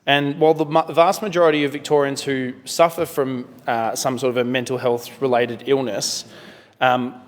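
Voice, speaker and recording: An Australian man giving a parliamentary speech in a measured way, with many fillers and self-corrections. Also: mid-range voice, flat delivery, long reverb tail. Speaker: member of parliament. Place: parliament chamber.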